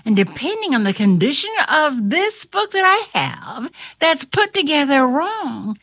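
A woman reading a storybook aloud and talking straight to her listeners, with a highly expressive, dramatic delivery. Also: measured pace, no echo, studio quality.

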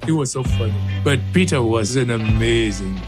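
A man hosting a radio show, joking through outtakes and casual chat, playful and lively. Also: mid-range voice, moderate pace, over music. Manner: jokey, animated, breaks into silly voices.

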